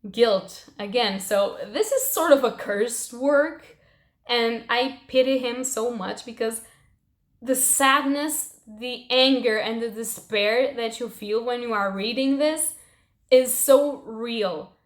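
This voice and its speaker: A young woman chatting casually about books she read, emotional and expressive, swearing now and then. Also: on the high side, slow pace. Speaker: book reviewer. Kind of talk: casual book wrap-up chat. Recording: roomy echo.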